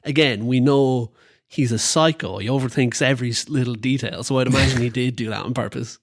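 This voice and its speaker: A man's voice: medium pitch, brisk, no echo, studio quality. A man co-hosting a podcast, chatting about football casually, laughing often and swearing in passing. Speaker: podcast co-host.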